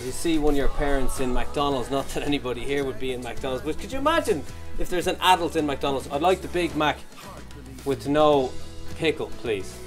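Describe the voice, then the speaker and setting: An Irish man performing stand-up comedy, his voice pitched high and lively. He stumbles over restarts, then throws himself into loud, exaggerated outbursts as he acts out scenes. Soft music plays faintly underneath. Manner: animated, stammering restarts, bursts into shouted quotes. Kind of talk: stand-up storytelling.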